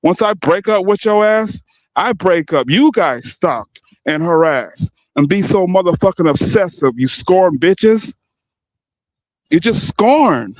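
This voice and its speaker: A man's voice: high-pitched, animated, slow, dry recording, low-quality recording. A young man delivering a heated, profane and mocking rant as a streamer. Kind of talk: heated ranting commentary.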